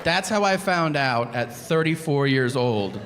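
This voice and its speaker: A man in his thirties doing a stand-up comedy set, telling animated stories and acting out both sides of each conversation. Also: mid-range voice, unhurried, a loud crowd. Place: comedy venue stage with audience laughter. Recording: live stage audio with audible background noise.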